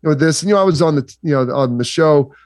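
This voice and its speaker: A man's voice: a little high, fast talker, darkish tone, dry recording, clean studio sound. A man from Southeastern Ohio, a sports analyst guest, rambling casually with lots of fillers. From Southeastern Ohio, USA.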